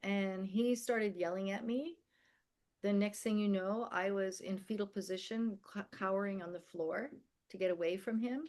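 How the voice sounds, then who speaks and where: A woman's voice: medium pitch, steady tone, normal speed, darkish tone. A woman in her sixties, from America and the Philippines, telling a personal story as a podcast guest in a vivid, emphatic way. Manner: vivid, emphatic storyteller who acts out quoted dialogue.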